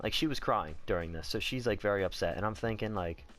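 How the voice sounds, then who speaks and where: A young man with a lowish voice tells a personal story in a relaxed storytime vlog. He talks candidly and rambles, swearing freely and saying "like" a lot. Faint music plays behind him. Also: fast, hardly any pauses. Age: young adult. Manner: candid, profane, rambling, heavy on "like".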